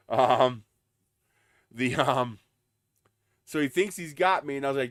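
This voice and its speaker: A man's voice: medium pitch, takes it slowly, long pauses, fairly bright tone, no echo, clean studio sound. A man hosting a live stream, telling a story in a casual, indignant way. He swears freely, laughs between lines and stumbles over repeated starts. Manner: lots of fillers and repeated starts. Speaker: livestream host.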